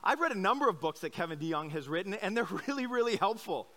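Middle-aged male pastor from Iowa, high bright voice; candid, chatty preaching. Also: expressive, quick pace. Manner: chatty storytelling with many likes and restarts; candid, self-deprecating. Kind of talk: conversational sermon. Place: church service.

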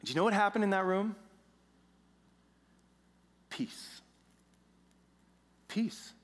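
Animated pastor preaching in a reverberant church. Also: male voice, high voice, racing. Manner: animated, swings between hushed and emphatic. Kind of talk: sermon with storytelling. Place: church sanctuary.

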